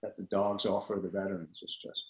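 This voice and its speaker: A man's voice: deep voice, little pitch movement, a little fast, crowd noise. A man, a dog trainer, telling a story as a podcast guest in an earnest, rambling way, with many restarts and "man" fillers. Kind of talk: casual storytelling. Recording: roomy echo.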